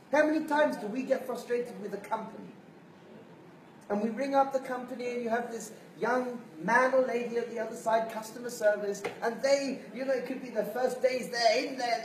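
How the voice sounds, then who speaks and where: A rabbi lectures with animated storytelling. He sounds distant in a roomy space, with a faint hiss beneath his voice. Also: extremely high pitch. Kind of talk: sermon-style lecture.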